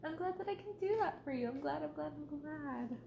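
A soft-spoken woman hosting a casual livestream Q&A as an ASMR creator, reading out viewers' names and questions and now and then scolding her cat. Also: sits high, expressive, a little fast, gravelly, echoey room, background noise.

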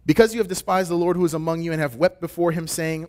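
A man delivering a sermon as a pastoral intern, conversational and joking, acting out quoted voices with big swings in pitch. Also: quick pace.

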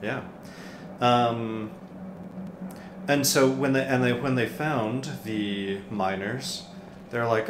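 A man's voice: medium pitch, fairly even intonation, takes it slowly, long pauses. A man casually chatting while playing a horror game, teasing his nervous co-host. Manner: teasing, laughs at his co-host's fear. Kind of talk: casual let's-play chat. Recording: echoey room with faint hiss.

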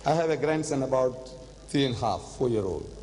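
An older man giving an animated religious lecture, telling stories and slipping in phrases. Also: medium pitch, brisk, a little hiss or hum. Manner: animated storytelling, switching into Hindi-Urdu phrases. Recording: long hall reverb.

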